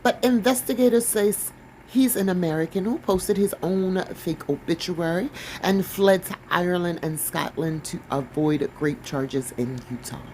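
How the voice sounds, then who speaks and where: On a rough recording with slight background noise, a woman with a lowish, darkish voice reads at normal speed from a news article. She breaks in with blunt, sassy commentary and stumbles over a word here and there.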